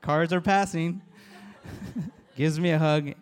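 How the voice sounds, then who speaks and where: A man, a police officer, giving a halting, earnest church testimony to a congregation, with many restarts. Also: a little high, steady tone, smooth. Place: church hall. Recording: long reverb of a large hall.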